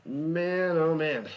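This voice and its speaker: A man's voice: fairly high pitch, darkish tone. A man giving live play-by-play commentary, chatty, humming and joking between plays and rising on big ones.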